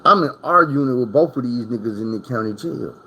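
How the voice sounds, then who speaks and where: Man, middle-pitched voice, casual storytime vlogger: profane, rambling, talks straight to his viewers. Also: animated, brisk, sharp tone, slightly rough. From Arkansas. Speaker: storyteller recounting prison stories.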